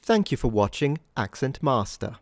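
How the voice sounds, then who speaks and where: A man hosting a pronunciation lesson, repeating words slowly and carefully and then explaining them. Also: medium pitch, very animated, no room sound, studio quality. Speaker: pronunciation teacher, host.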